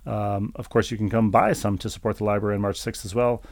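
A man's voice: fairly low pitch, flat delivery, quick pace, creaky, darkish tone, no room sound. A man co-hosting a podcast, reading listener emails aloud with dry, wry asides in casual chat.

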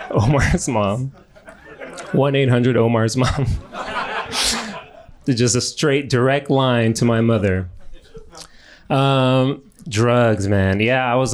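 A man's voice: mid-range voice, slow pace, long pauses. A man in his thirties doing crude, rambling improvised stand-up from audience suggestions, laughing at his own jokes on a club stage. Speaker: stand-up comedian. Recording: noisy live club recording.

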